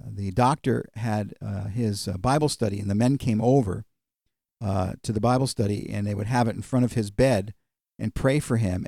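A male pastor delivers a sermon in an easygoing, storytelling manner, often pausing on fillers. His voice is warm and mellow, in a medium register. The sound is dry, with no room reverb. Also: mid-range voice, creaky. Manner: conversational storytelling, many fillers.

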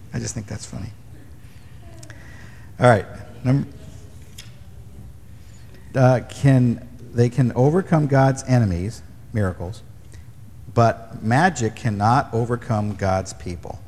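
A man teaching from the Bible in a relaxed, wry way, reading verses and retelling stories. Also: medium pitch, measured pace, long pauses, big-room sound, slight background noise. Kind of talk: casual teaching chat.

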